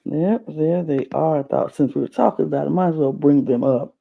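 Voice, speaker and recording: Brisk and somewhat high-pitched, with vocal fry, a man co-hosts a podcast recapping a reality show. He meanders casually, stumbling through fillers and restarts, on dull, low-fidelity audio.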